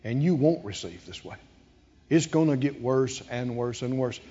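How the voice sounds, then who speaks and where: Brief: emphatic male preacher, high and lively pitch, long hall echo, dull lo-fi sound. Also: normal speed, slightly rough. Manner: emphatic, dramatic repetition building in intensity. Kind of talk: sermon.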